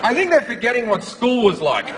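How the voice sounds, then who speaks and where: A man's voice: extremely high pitch, huge pitch swings, a little fast, big-room sound. A man from Australia with an Australian accent, doing a brash, profane, mocking stand-up comedy routine in a theatre. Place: theatre with live audience. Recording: live show, loud crowd noise.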